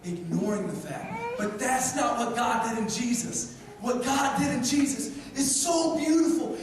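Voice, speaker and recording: Passionate male preacher, very high voice, heavy hall echo, mic far off. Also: very animated, measured pace, a little hiss or hum. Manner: impassioned, repeats phrases, swings from loud to hushed. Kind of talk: sermon. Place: large church hall. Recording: echoey hall, mic far off, faint ambience.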